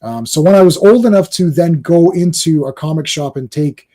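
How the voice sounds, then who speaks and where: A man's voice: fairly high pitch, normal speed, dark tone. A man in his forties, a talk show guest, chatting casually and rambling with many restarts. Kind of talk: casual chat.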